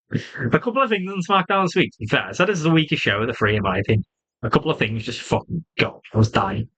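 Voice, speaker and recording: Animated swearing man reviewing wrestling. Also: fairly high pitch, moderate pace, long pauses, husky, poor audio. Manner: swears freely, animated, laughs often. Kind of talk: casual solo review.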